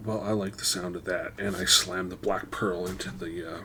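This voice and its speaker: A man's voice: sits low, fairly even intonation, moderate pace, pushed and bright, slight background noise. A man playing a tabletop game as a ship captain, upbeat and enthusiastic. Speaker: player.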